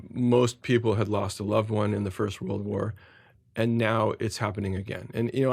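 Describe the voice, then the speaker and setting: A middle-aged man, a historian guest, explaining at length in a measured way, often repeating words as he thinks. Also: lowish voice, creaky, a little mellow, slightly rough. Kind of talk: explanatory interview answers.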